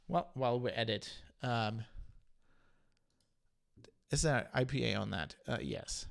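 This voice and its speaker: A man's voice: mid-range voice, animated, normal speed, gravelly, long pauses. A man hosting a solo podcast as a tech journalist, talking through his opinions in a casual, hesitant way with frequent fillers and restarts. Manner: hesitant, many restarts and fillers, thinking aloud; conversational, opinionated. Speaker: podcast host.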